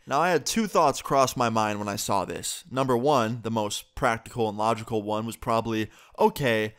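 A young man in his twenties telling a story-time vlog in a lively, casual way with fillers. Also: mid-range voice. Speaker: YouTuber.

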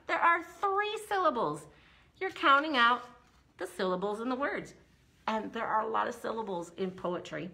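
Animated sing-song woman at story time. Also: fairly high pitch. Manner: animated, sing-song, exaggerated for small children. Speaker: children's librarian. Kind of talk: preschool story time reading.

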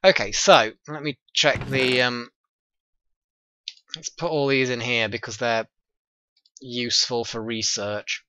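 A man casually commenting on his own gameplay, thinking aloud in a chatty, excitable way. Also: mid-range voice, slow, pauses often, dry recording, muffled recording. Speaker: let's play host.

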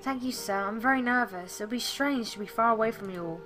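A woman's voice: on the high side, fairly quick, over music, close to an everyday voice. A woman voicing a troubled, timid young girl who speaks earnestly and anxiously while reading game dialogue.

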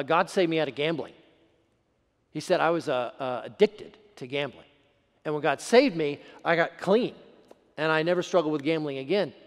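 High-voiced pastor in a reverberant church. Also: male voice. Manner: animated storyteller acting out quoted voices, swinging from loud to hushed. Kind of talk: sermon storytelling. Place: church sanctuary. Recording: long hall reverb.

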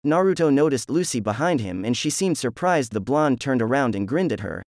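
A man narrates a fan story in a plain, even reading. His voice sits at an ordinary middle pitch, and the sound is dry and close to the mic. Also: normal speed, hardly any pauses, dry recording.

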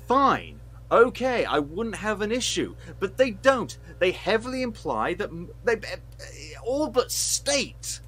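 Heated and sweary, a man co-hosting a film review podcast launches into a sarcastic, casual rant. His voice sits a little high with a fairly bright tone.

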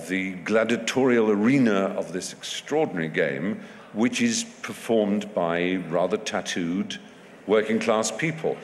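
A man speaking as a guest in an onstage festival conversation, discursive and wry, often restarting his sentences. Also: fairly low pitch. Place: festival stage before an audience. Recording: long hall reverb, faint background noise.

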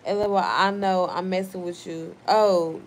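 A woman's voice: lowish voice, steady tone, unhurried. A tipsy young woman hosting a livestream, reading chat messages aloud and snapping back at chatters in a brash, profane way. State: tipsy from wine.

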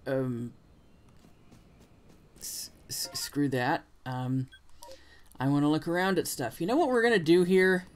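A man's voice: fairly high pitch, unhurried, pauses often. A man hosting a casual let's play, chatting about the game in a self-deprecating way. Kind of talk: casual gameplay commentary.

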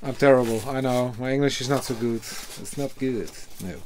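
A man with a Dutch accent, a native Dutch speaker, chatting casually in an unboxing video, halting often with fillers and cursing offhand. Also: medium pitch, steady tone, darkish tone. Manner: hesitant, halting, full of fillers, casually swearing. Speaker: beer reviewer.

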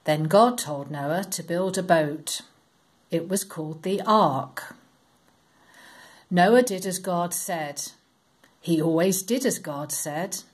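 Woman, children's story reader, expressive, sing-song, slow, low-pitched. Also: breathy edge. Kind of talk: reading a children's story aloud.

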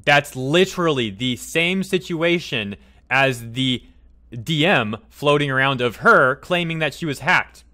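A man's voice: mid-range voice, lively intonation, unhurried, sharp tone. A man hosting a commentary vlog, ranting heatedly and repeating his points for emphasis. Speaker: commentary channel host.

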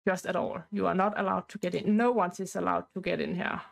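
A woman's voice: fairly low pitch, steady tone, quick pace, vocal fry. A woman voicing a stubborn young woman in a life-sim game who snaps defiantly at her partner. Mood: spiteful. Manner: snapping, bratty.

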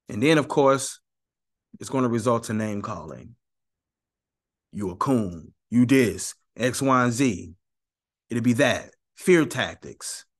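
A man with a mid-range voice speaks straight to the camera, giving fiery religious commentary. He is emphatic and sarcastic, hammering his points home by repeating them to viewers.

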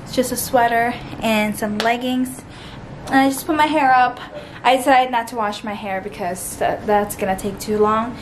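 A young woman in her twenties talks to camera in a bubbly, chatty vlog style. Her voice sits a little high. A faint hiss of background noise runs under it. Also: moderate pace. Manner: bubbly and chatty, many fillers. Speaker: lifestyle vlogger. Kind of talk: casual vlog chat to camera.

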